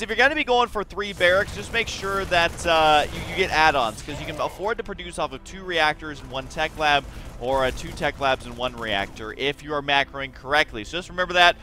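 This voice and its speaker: Young male game caster, high voice, sharp and bright tone, teasing, jokey play-by-play. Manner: joking, teasing, mock-scolding. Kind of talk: esports play-by-play commentary.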